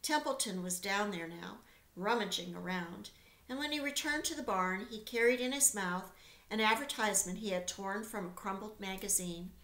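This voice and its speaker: A woman teacher reading a children's book aloud with expressive storytelling, recorded with a roomy echo. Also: mid-range voice, moderate pace.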